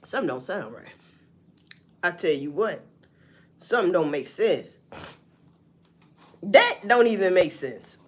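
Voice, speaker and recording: A woman's voice: on the low side, unhurried, long pauses. A woman hosting a live stream, reading news items aloud and reacting with profane, mocking commentary. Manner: animated and profane, mocking news quotes, laughing, swinging from loud to mutter. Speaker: livestream host.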